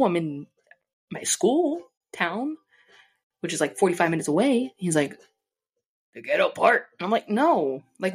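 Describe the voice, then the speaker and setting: Young woman, low voice, casual storytime vlog, swears a lot and acts out quotes. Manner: animated, profane, acts out quoted people. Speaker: vlogger. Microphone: desk mic.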